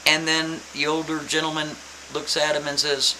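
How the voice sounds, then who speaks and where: A man telling a story in a casual, animated, emphatic way, repeating his points. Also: on the high side, normal speed, poor audio. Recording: faint hiss.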